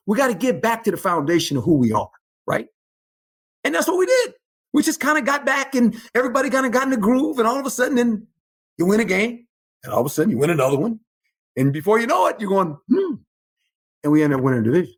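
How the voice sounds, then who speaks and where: An older man, a former football coach, telling stories as a guest in an interview, animated and emphatic, often repeating phrases. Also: sits high, fast, slightly rough. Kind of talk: storytelling interview.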